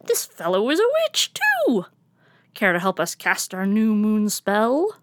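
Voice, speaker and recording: A woman voicing a mischievous female witch cat hologram in a storybook, shrill and excited. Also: unhurried, no echo.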